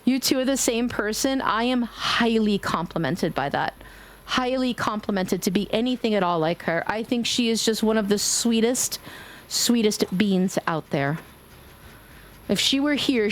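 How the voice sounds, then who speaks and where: A woman streamer from Brooklyn with a faded New York accent, chatting casually during a game stream. She is playful and giggly and swears freely. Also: medium pitch. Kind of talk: casual gaming livestream chat.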